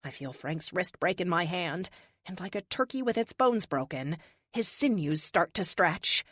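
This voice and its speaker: A woman narrating a first-person action audiobook with dramatic, expressive delivery on a close studio mic. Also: lowish voice, unhurried, no room sound.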